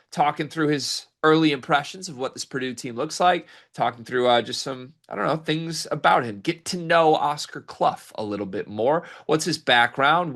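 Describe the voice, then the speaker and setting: A man's voice: fairly high pitch, a bit bright. A man hosting a casual sports podcast, teasing his co-host dryly and then recapping an interview.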